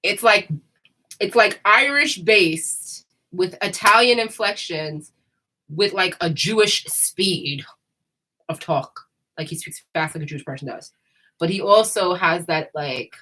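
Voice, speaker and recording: A woman's voice: fairly low pitch, a little slow, pushed and bright, poor audio. A woman chatting casually and candidly, rambling and laughing often. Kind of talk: casual chat.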